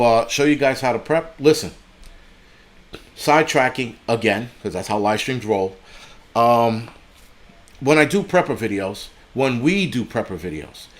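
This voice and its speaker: A middle-aged man from the United States hosting a casual live stream, rambling and swearing freely and breaking off to thank donors. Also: medium pitch. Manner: profane, rambling, sidetracks to read donations.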